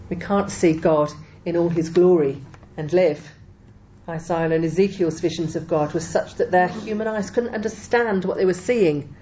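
Low, mellow woman preaching. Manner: measured, emphatic Bible teaching with quoted scripture. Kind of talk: sermon. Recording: dull lo-fi recording with faint noise.

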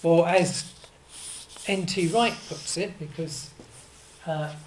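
An older preacher delivers a sermon in an easy, conversational way. The voice sits at a middle pitch. The talk wanders into asides, restarts and little corrections, with faint noise in the background. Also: slow, poor audio.

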